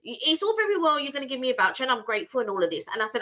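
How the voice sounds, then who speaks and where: Lady vlogger, fairly high voice, acts out every line of the call, dull lo-fi audio. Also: racing. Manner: animated storytelling, acts out both sides of a call. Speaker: channel host. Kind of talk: casual live-stream chat.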